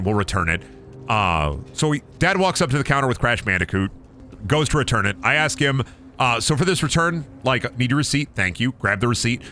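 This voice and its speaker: A young man streaming a game, casually telling a long rambling anecdote with many fillers and curses. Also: mid-range voice. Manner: rambling, animated anecdote with lots of fillers and swearing.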